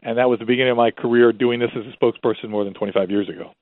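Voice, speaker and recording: Man, fast-talking, storyteller, tinny phone sound, dry. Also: mid-range voice. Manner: lively, does voices for people in his stories. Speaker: zoo spokesperson, guest. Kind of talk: animated storytelling.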